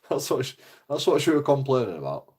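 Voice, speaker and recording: A man's voice: mid-range voice, a little mellow. A man, ranting casually in a rambling, foul-mouthed way. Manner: rambling, heavy swearing. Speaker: vlogger. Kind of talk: casual rant.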